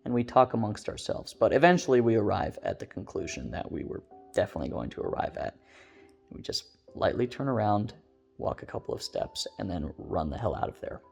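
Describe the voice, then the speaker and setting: A man recounts a spooky personal story in a loose, casual ramble, leaning on filler words. His voice sits low and has a gravelly fry to it. Soft guitar music plays faintly underneath. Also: sing-song, brisk.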